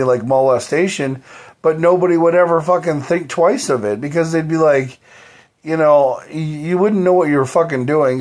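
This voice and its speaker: A man's voice: fairly high pitch, a little mellow. A man on a live stream, rambling on at length, swearing freely and leaning on fillers like "you know" and "like". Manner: profane, rambling, heavy fillers.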